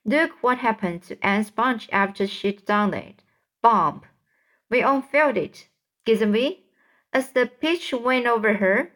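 A woman's voice: a little high, takes it slowly, fairly bright tone. A woman voicing a cheeky, boastful male centipede who proudly calls himself a pest, in a storybook reading. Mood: gleeful. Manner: gleeful, boastful.

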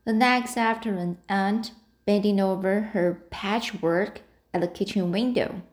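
A woman reading a novel aloud, halting and restarting as she stumbles over words. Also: medium pitch, darkish tone. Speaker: reader.

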